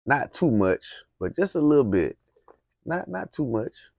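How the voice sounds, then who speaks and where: A man with a Southern US accent giving casual, encouraging advice on speaking, relaxed and rambling. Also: medium pitch, measured pace, gravelly, no room sound, studio quality. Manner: relaxed, encouraging, rambling with fillers and reading aloud. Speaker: speaking coach. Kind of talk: casual instructional talk.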